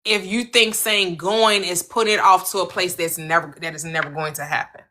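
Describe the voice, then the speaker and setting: Bright-voiced woman coaching on manifestation. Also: normal speed, a little hiss or hum. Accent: American. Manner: earnest, coaching, repeats phrases, lively swings in pitch. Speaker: manifestation channel host. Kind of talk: motivational spiritual talk.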